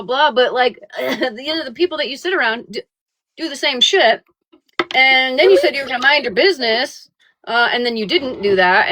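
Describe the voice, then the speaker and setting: A woman's voice: fairly high pitch, bright, forceful tone, no room sound. A woman hosting a live stream, chatting casually and rambling with lots of swearing. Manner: profane, rambling, quick to laugh.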